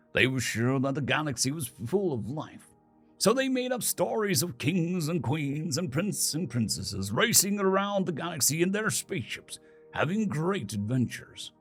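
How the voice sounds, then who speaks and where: A man voicing a gentle young father who explains things slowly and patiently to his son. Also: fairly high pitch, breathy edge, voice pushed up, heavily acted. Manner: slow, explaining tone.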